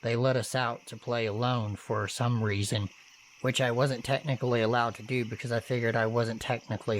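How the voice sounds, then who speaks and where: A man reading true scary stories aloud in the first person, his voice pitched in an ordinary middle range. He tells them steadily and earnestly, with the odd casual curse. Faint crickets and insects chirp in the background. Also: little pitch movement, normal speed, slight background noise. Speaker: horror story narrator. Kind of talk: first-person horror story narration.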